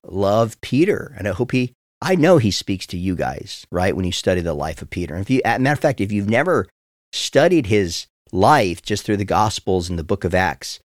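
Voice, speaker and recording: A man's voice: deep voice, lively intonation, moderate pace, dry recording, clean studio sound. A man in his forties, a pastor teaching the Bible on a podcast in an earnest, heartfelt way, often speaking straight to his listeners.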